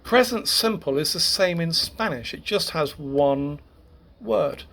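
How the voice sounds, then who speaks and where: Male language teacher, unhurried classroom delivery, stumbles and restarts, voice a bit higher than most men. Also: animated, a bit bright. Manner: halting, repeats words and self-corrects. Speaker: Spanish grammar teacher. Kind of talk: classroom grammar lesson.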